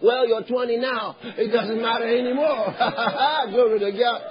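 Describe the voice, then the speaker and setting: A man from Nigeria preaching a sermon as pastor, animated, drawing responses from the congregation and rising to loud emphatic shouts. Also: high-pitched, unhurried, few pauses, lo-fi sound, some chatter behind.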